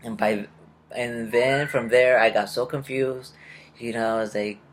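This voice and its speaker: A man's voice: mid-range voice, steady tone, unhurried, slight background noise. A young man casually telling a rambling personal story and acting out the people he met. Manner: rambling, confused, retells conversations in quotes. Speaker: vlogger.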